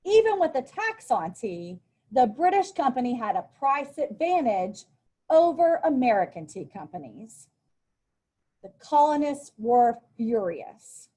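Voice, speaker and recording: A woman's voice: a little high, big pitch swings, measured pace, mellow. A woman teacher giving a recorded lesson, reading aloud from a text and then explaining it in a chatty way, with casual asides. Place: at a desk with a workbook.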